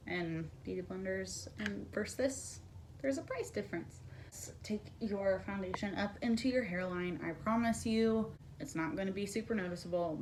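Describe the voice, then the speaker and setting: A woman's voice: medium pitch, a little mellow, slight background noise. Chatty woman doing a makeup tutorial. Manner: chatty, candid and conversational. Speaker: beauty vlogger. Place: home.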